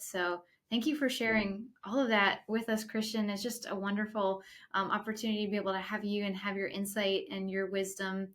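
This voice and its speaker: A woman hosting a podcast, closing an interview in an appreciative way, quick to laugh. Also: mid-range voice, fairly bright tone. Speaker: podcast host. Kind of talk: wrapping up an interview.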